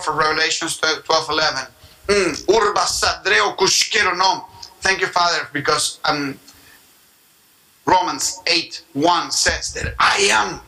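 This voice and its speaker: In this rough recording, a pastor with a high voice preaches with animation, acting out prayers and tongues in character voices and mimicking people to make his teaching points.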